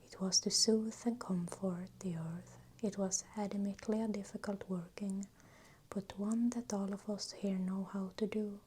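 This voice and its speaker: A woman voicing a kindly, calm male draenei high shaman who speaks gently, in a whispered role-play. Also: unhurried, slight background noise, natural voice.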